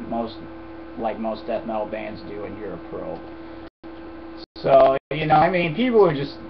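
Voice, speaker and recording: Blunt, profane young man ranting on a lo-fi webcam. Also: medium pitch. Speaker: vlogger answering viewer questions. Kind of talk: casual rant to camera. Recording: dull lo-fi webcam audio with noise.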